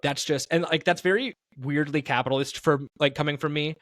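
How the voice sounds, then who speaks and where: A man's voice: fairly high pitch, brisk, a bit bright, dry recording. A man co-hosting a podcast in casual talk, rambling and correcting himself as he thinks aloud. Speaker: podcast co-host.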